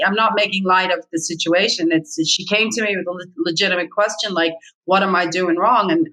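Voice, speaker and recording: Middle-aged woman, blunt and emphatic, bright forceful tone, candid interview guest. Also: mid-range voice, poor audio. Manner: blunt, emphatic, repeats key points. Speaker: real estate agent, guest.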